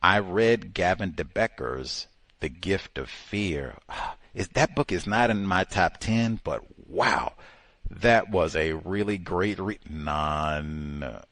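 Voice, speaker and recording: A man's voice: low voice, slow pace, a bit bright, no echo. A man hosting a talk show, giving impassioned, emphatic commentary full of exclamations and rhetorical questions. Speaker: host.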